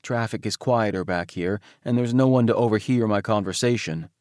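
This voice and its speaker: A man narrating a romance audiobook in first person, intimate and soft-spoken. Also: on the low side, moderate pace, no echo, clean studio sound.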